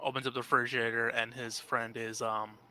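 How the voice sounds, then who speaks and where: Brief: male podcast co-host, easygoing and halting, sharp bright tone. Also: medium pitch, level tone, no echo, rough recording. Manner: laid-back, halting with fillers. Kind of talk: casual movie review chat.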